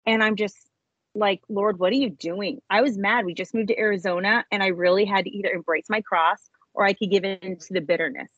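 Woman guest, husky, emotional storyteller; slightly dull recording. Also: brisk, no room sound. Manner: animated storyteller, voice jumps high when reenacting. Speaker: interview guest, author. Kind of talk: emotional personal testimony.

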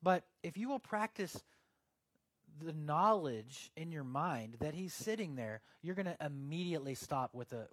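A man's voice: a little high, dry recording. A young man preaching a casual, joking sermon, acting out little scenes as he goes. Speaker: pastor.

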